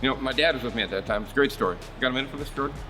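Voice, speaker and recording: This is a man with an ordinary, mid-pitched voice, holding forth in easygoing shop talk. He rambles from one story to the next, speaks bluntly and curses without a second thought. A bit of music sits faintly in the background. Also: rapid-fire. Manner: blunt, rambling storyteller who swears freely. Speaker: marine service shop host.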